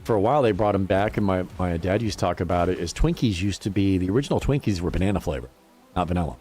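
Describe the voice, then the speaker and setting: A man's voice: sits low, lively intonation, fast, warm tone, faint music behind. A man streaming a game and chatting casually with his viewers, rambling and swearing freely. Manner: profane, rambling, laughs often. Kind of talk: casual livestream chat while gaming.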